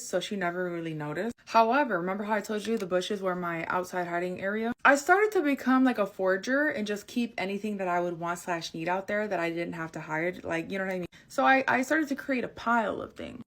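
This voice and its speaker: Animated, profane young woman telling a story. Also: medium pitch. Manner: animated, profane, laughing asides. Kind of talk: casual storytime.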